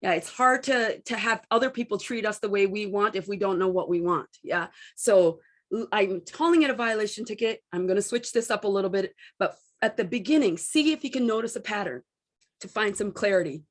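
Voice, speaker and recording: A woman's voice: mid-range voice, a little fast. Middle-aged woman coaching candidly. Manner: candid, storytelling, animated quoting. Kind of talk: self-help talk to camera.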